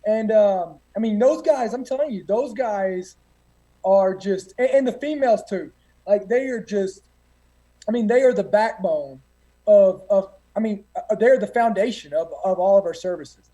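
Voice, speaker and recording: A man's voice: high voice, normal speed, mellow, poor audio. A man, a guest telling boot camp stories in a rambling, profane way with many fillers. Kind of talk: casual storytelling.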